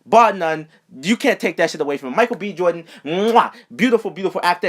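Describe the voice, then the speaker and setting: A man hosting a casual movie review show, talking animatedly and profanely and acting out characters in quick asides. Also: high voice.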